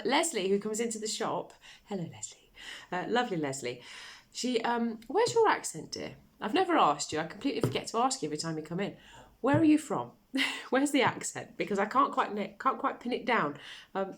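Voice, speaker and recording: A bubbly English woman talks casually to her vlog viewers, warm in her words and quick to laugh. Her pitch sits in the middle but swings widely as she talks. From England. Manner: bubbly, affectionate, laughs often. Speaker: vlogger.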